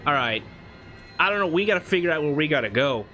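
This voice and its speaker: A man narrating his own horror game run, muttering plans and then shouting in panic when chased. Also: on the high side, expressive, fast talker. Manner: swings from mumbled planning to panicked yelling. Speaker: gaming YouTuber. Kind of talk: let's play commentary.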